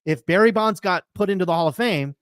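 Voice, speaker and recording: High-sitting and a bit bright, the man's smooth voice goes at a quick pace. As host of a live sports card talk show, he offers casual, opinionated chat that's emphatic and rambling, heaping up comparisons.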